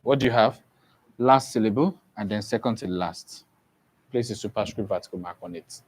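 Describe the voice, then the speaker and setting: A male teacher leads an exam-prep lesson, repeatedly asking the class questions and going back over key points. His voice is on the low side and brisk.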